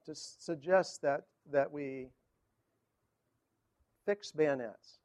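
A male pastor preaching a sermon in a halting way, searching for his words with many fillers. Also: fairly high pitch, darkish tone.

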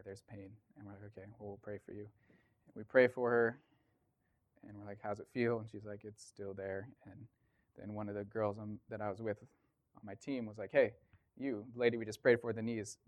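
A young man casually recounting a mission trip, animated, quoting the people he met and laughing now and then. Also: fairly low pitch. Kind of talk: casual storytelling testimony.

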